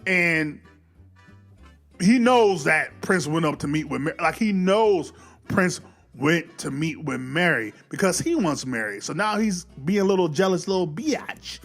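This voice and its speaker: Guy ranting through a movie plot, high voice all over the place, soft music under him. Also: a little slow. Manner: animated, profane, acts out scenes. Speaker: film reviewer. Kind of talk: casual movie recap commentary.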